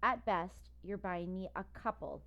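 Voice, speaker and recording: A woman voicing a feisty young female dog who bosses her brother around, with sharp, teasing retorts. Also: fairly low pitch, animated, measured pace. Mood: sassy.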